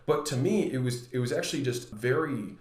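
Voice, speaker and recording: A man in his thirties hosting a podcast, talking in a relaxed, chatty way full of "like" as he retells a conversation. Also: medium pitch, brisk. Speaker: podcast host. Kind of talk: casual solo monologue. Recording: roomy echoey room.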